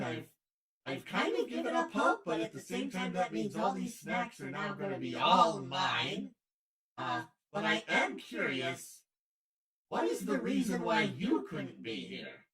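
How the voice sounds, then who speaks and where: A man hosting a live stream party, animated and prone to sudden loud outbursts. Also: fairly high pitch, recorded from a distance. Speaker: host.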